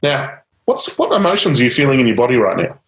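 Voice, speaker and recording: Man, coach, mid-pitched voice, guiding prompts, echoey room. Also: sing-song, fast talker. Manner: guiding, repeats prompts, laughs lightly. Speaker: change-technique coach. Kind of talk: live coaching demonstration.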